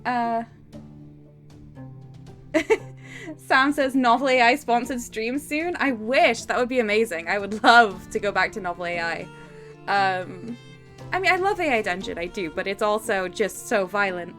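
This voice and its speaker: A woman's voice: on the high side, measured pace, long pauses, a bit bright, faint music behind. A woman from the UK streaming live, chatting casually and reading comments aloud in a self-deprecating, giggly way. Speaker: streamer co-writing a story with AI.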